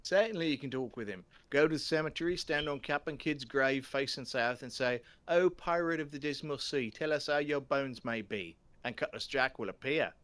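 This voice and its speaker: A man's voice: mid-range voice, normal speed, hardly any pauses, fairly bright tone, voice pushed up, natural voice. A man putting on a theatrical, declaiming voice for a male fortune-teller from a game he is playing.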